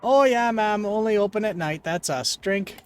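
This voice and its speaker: A man putting on a high-voiced folksy barkeeper. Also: moderate pace, smooth, faint music behind, close to an everyday voice. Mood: eager. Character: eager male pub barkeeper, chatty and folksy.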